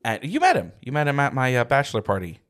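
A young adult man co-hosting a podcast, chatting casually and telling a rambling, animated story about his tabletop game campaigns. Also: mid-range voice, fast talker. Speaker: podcast co-host, game master.

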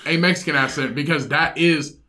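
A man co-hosting a podcast, teasing and lecturing his co-host with quick comebacks in casual chat. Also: on the high side, fairly even intonation, bright, forceful tone.

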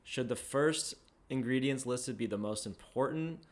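A man's voice: medium pitch, unhurried. A man co-hosting a podcast in casual chat, posing questions and leaning on "like" as a filler. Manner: questioning, leans on "like". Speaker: podcast co-host.

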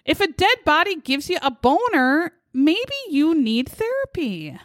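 A woman recaps a true crime case in a blunt, sarcastic way, swearing as she goes. Her voice sits a bit high and leaps around expressively. The sound is close and dry, with no room echo. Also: sing-song, a little slow, fairly bright tone. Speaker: podcast host. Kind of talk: casual true crime storytelling.

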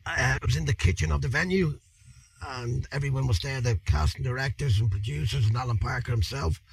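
A man in his fifties with a Dublin accent, telling a story as an interview guest in a colloquial, animated way, with plenty of swearing. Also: mid-range voice, fairly quick, breathy edge, poor audio. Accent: Irish, Dublin. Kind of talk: anecdotal storytelling.

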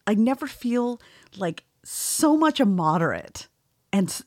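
A woman's voice: mid-range voice, sing-song, a little slow, a little mellow, no echo, clean studio sound. A woman co-hosting a podcast in casual chat, giggly and talkative, often restarting her sentences. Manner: giggly, chatty, frequent restarts. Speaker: podcast co-host.

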